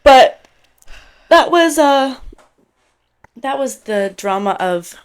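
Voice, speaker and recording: A woman in her twenties from Canada, co-hosting a podcast in casual chat, telling an animated story and acting out what people said. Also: high-pitched, takes it slowly, smooth. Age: 20s. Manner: animated storytelling, acts out quotes. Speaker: podcast co-host.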